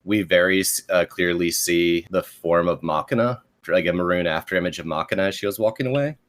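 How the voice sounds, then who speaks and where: A man's voice: low-pitched, a little fast. A man describing his character's actions in a tabletop game and reading out a move, in a thoughtful way. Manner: thoughtful, reads rules aloud. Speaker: player.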